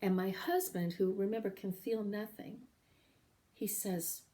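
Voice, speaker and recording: A middle-aged woman telling a personal story in an earnest, emotional way, pausing often as she speaks. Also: medium pitch, mellow. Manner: earnest, emotional, with halting pauses. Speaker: podcast host sharing her story.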